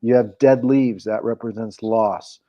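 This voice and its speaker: A man's voice: on the low side, steady tone, measured pace, highs cut off. A man as an interview guest, telling a story in casual conversation, rambling with frequent restarts. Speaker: guest, coach and program founder.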